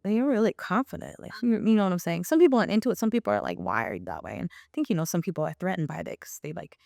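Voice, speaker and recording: A woman guest on a podcast, casually telling a personal story in a lively, animated way. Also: on the low side, quick pace, vocal fry, no room sound, studio quality. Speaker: podcast guest, playwright and performer.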